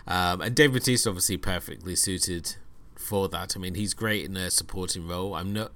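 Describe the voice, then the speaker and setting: A man's voice: low-pitched, fairly quick, a bit bright. A man co-hosting a film podcast, talking through plot points with many ums and uhs. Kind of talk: casual film discussion.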